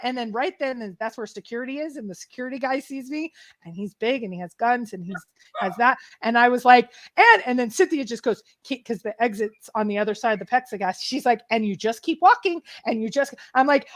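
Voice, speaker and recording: A woman co-hosting a treasure hunt livestream, recounting what happened with strong emotion and lots of restarts. Her voice sits a little high, and she often breaks off mid-thought before pushing on. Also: brisk. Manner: emotional, animated retelling with many restarts. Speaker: treasure hunt show co-host. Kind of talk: casual livestream chat, storytelling.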